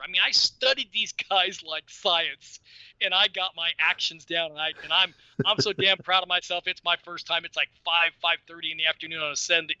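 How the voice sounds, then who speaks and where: A man in his sixties, a podcast guest telling stories in an animated, casual way and repeating words as he goes. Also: a little high, dry recording, highs cut off. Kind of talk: casual storytelling.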